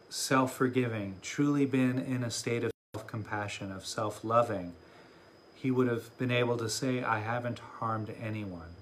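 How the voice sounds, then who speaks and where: A man who teaches meditation, giving a dharma talk and telling a story in a reflective way with many pauses. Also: fairly low pitch, slight background noise.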